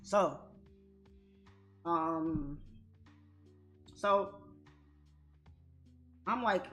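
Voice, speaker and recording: A woman hosting a livestream, telling a story to her viewers in a blunt, animated way and swearing freely. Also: medium pitch, extremely slow, long pauses, muffled recording, soft background music. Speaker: livestream trading host.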